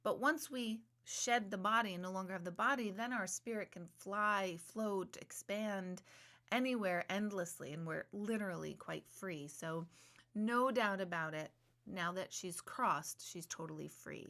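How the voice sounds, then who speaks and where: A woman's voice: medium pitch, unhurried, pushed and bright. A woman in her forties, an intuitive medium hosting a live stream, chatting casually with viewers, rambling and joking at her own expense while she searches for words. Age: 40s.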